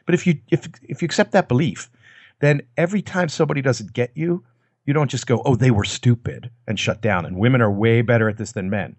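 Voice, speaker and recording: A man's voice: fairly quick, darkish tone, dry recording. A man explaining communication techniques in a conversational talk, acting out short quoted lines as examples. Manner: demonstrates lines with acted quotes and lowered voice. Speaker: guest expert on persuasion.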